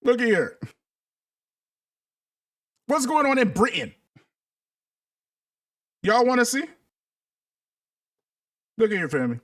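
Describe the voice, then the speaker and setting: A man with a high, light voice talking straight to his viewers in an easy, conversational flow. He leans hard into sarcasm, dragging out mock surprise and poking fun at what he reads aloud. His pace shifts between quick asides and slow, pointed jabs. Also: big pitch swings, fairly bright tone, far from the mic. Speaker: political commentator. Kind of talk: commentary stream to viewers.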